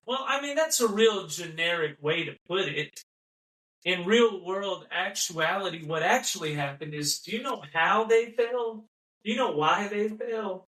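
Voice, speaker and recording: A podcast host with a high, bright voice delivers an impassioned, mocking rant, animated but unhurried, repeating his points and acting out quoted voices. He sounds distant from the mic in a very echoey room.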